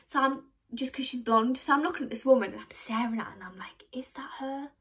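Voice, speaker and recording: A young adult woman with a high-ish, breathy-edged voice talks fast in a casual chat to camera. Her vlog is chatty and rambling, and she pokes fun at herself as she tells stories.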